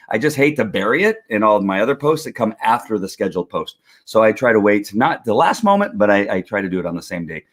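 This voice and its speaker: Middle-aged guy hosting a livestream, kinda low voice, rambles and restarts a lot. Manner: rambling, restarts often, chuckles. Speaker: host of a faith and politics livestream. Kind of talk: casual livestream chat.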